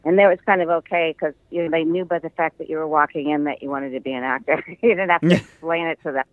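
Heard through a thin, tinny phone line, an older man from the American Midwest talks in a somewhat high voice. He is a chatty actor who tells stories with plenty of laughter, and the sound is close and dry. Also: steady tone, quick pace, no room sound. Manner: chatty storyteller, laughs often. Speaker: guest actor. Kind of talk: casual interview over the phone.

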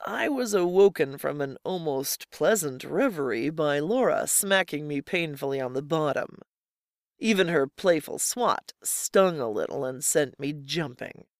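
A narrator reading a first-person story at a steady, measured pace, pitched in a middle range. The mic is close and the sound is very dry, with no room echo. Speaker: audiobook narrator.

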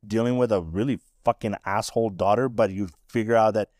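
A man's voice: on the low side, fairly even intonation, brisk, a little mellow, no echo, studio quality. A man co-hosting a podcast in casual chat, emphatic and profane, speaking with emotion. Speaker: podcast co-host.

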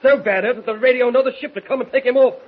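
An actor playing a rough sailor leading a mutiny, with gruff, bullying commands in a 1940s radio drama, on a noisy lo-fi old transcription. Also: male voice, extremely high pitch, steady tone, racing. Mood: scheming. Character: menacing Cockney mutineer ringleader, rough sailor.

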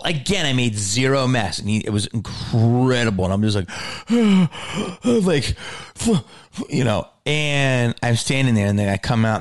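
A man telling a story in a casual, animated way, with frequent swearing and filler words. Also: medium pitch.

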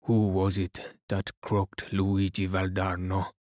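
A man voicing a big, menacing male gunman with a hoarse voice. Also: low voice, monotone, slow, a little mellow, dry recording, clean studio sound.

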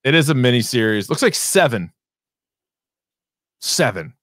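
A man's voice: medium pitch, animated, normal speed, sharp tone, dry recording, studio quality. A man co-hosting a podcast, rambling through entertainment news in casual chat and swearing now and then. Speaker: podcast co-host.

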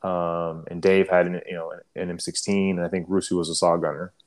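A young adult man casually telling a war story, profane and rambling, often clearing his throat. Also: low voice, level tone, fairly quick, a little mellow.

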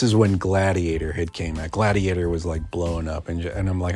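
A man's voice: low voice, steady tone, moderate pace, hardly any pauses, a little mellow. A man in his forties telling a personal story in a casual, rambling way, full of fillers and restarts. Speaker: podcast host.

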